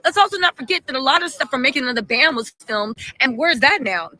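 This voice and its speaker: A woman's voice: sits high, lively intonation, fast talker, sharp tone, poor audio. A woman hosting a casual live stream, chatting animatedly, reading out viewer messages and firing off emphatic rhetorical questions.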